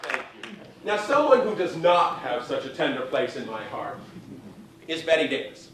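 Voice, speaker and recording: A man performing a one-man show, telling gossipy stories on a live theater stage in a lively, theatrical manner. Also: a little high, moderate pace, a loud crowd, very noisy. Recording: echoey theater from far off.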